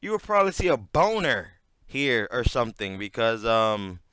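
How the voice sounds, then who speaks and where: A man riffs through a casual reaction commentary, full of fillers, swear words and sudden loud outbursts. His voice is smooth and crisp. It is recorded close and dry, with no room sound. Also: mid-range voice, sing-song, moderate pace, no echo.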